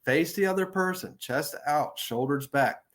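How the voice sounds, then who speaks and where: A man, a counselor, teaching about setting boundaries in a steady, assertive, deliberate way. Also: fairly high pitch. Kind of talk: instructional talk on boundaries.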